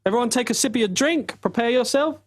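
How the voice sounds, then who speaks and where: A high-voiced man chatting and laughing through a podcast. Talks in a loose, rambling way, stumbling over his own explanations, with a bright, lifted pitch for a man. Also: quick pace. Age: 30s. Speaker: podcast host. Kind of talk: casual chat.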